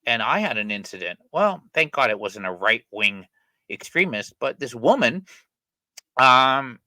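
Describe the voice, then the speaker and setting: Rambling middle-aged man with a bright voice. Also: mid-range voice, big pitch swings, measured pace, no room sound, poor audio. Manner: rambling and discursive, with frequent fillers and self-corrections. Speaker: channel host discussing an article. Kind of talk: casual spoken commentary on a reading.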